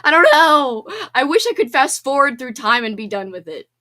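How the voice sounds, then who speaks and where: Woman, livestream host, casual chat from home; bubbly, fairly high voice with a lot of pitch movement. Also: lively intonation, bright, forceful tone. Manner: bubbly and chatty, quick laughs and squeals. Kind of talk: casual chat reading out viewer comments.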